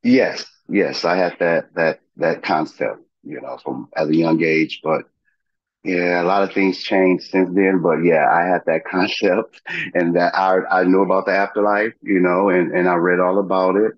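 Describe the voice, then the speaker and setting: Man telling his story, low and dull. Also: fairly even intonation, no echo. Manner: halting, with many fillers and restarts. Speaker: podcast guest.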